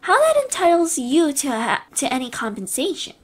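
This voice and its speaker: A woman's voice: high-pitched, wildly swooping pitch, normal speed. A woman voicing a coffee shop manager who speaks firmly and politely. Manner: firm, polite, dry.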